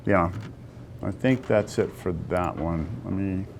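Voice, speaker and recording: A man teaching a calculus lesson to a class. He talks through a graph step by step and keeps pausing to ask the students whether they see it. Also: deep voice, gravelly, background noise. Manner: talks to the class, asks lots of check-in questions. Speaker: math teacher.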